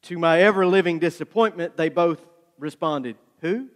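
A man preaching a sermon, telling a story with lively acted-out dialogue. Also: on the high side, normal speed. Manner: animated storyteller, acts out dialogue. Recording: long hall reverb.

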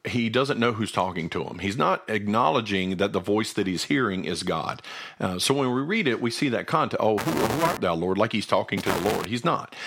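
A man with a fairly low voice leads a Bible study in an easygoing, conversational way. He explains each verse earnestly, thinking aloud as he builds his point. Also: gravelly, fairly bright tone. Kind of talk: conversational scripture teaching.

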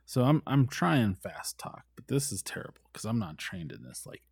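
A man playing a tabletop game, talking in a slow, joking way and often trailing off. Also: medium pitch, lively intonation, vocal fry, darkish tone, husky, no room sound, studio quality. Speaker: player. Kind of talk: casual tabletop game play.

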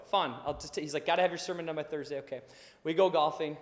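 A man in his thirties preaching a sermon, telling a story with lively acted-out dialogue and laughing along. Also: on the high side, fairly quick. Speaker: pastor. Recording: long hall reverb.

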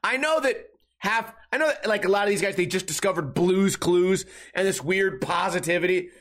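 A man's voice: sits high, normal speed, fairly bright tone. A man in his thirties hosting a podcast, ranting in a sarcastic, profane, rambling way. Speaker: podcast host. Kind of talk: casual ranting monologue.

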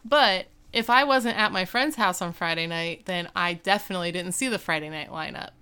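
Smooth-voiced woman chatting casually. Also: lowish voice, a little fast, bright, forceful tone. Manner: chatty, acts out characters' lines. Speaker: podcast co-host. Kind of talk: casual chat recapping a TV episode.

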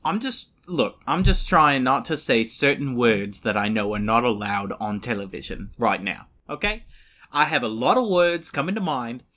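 Man voicing a sulky adult son, huffy, mopey, lively pitch, bright tone. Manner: huffy, holding back curses, then slow and mopey. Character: touchy adult son, fake accent, sulky.

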